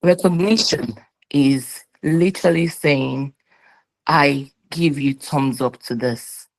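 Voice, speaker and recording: A woman's voice: deep voice, slow, poor audio. A woman giving a motivational talk, emphatic and instructive, acting out little dialogues with her own soul. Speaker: motivational speaker.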